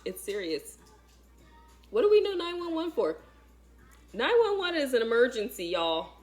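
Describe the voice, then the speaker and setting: A woman's voice: sits high, very animated, normal speed, a little mellow, faint music behind. Emphatic woman giving a spiritual talk. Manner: casual, emphatic and dramatic, addressing viewers directly. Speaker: spiritual teacher.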